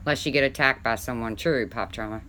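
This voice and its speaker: A woman hosting a casual livestream, reading viewer comments aloud and chatting, with a deep voice people mistake for a man's. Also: quick pace, bright, forceful tone, a little hiss or hum. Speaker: livestream host.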